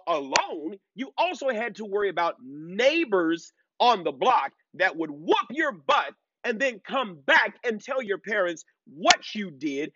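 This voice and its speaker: A man in his thirties hosting a live-streamed commentary lecture, emphatic and drawn out, full of fillers and repeated "okay?" checks. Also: sits high. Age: 30s. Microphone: laptop. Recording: dull lo-fi and dry.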